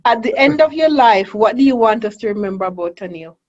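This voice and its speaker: A woman's voice: fairly high pitch, lively intonation, a little fast. A woman in her forties hosting a casual interview, asking friendly questions and laughing easily. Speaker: interview host. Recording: dull lo-fi audio.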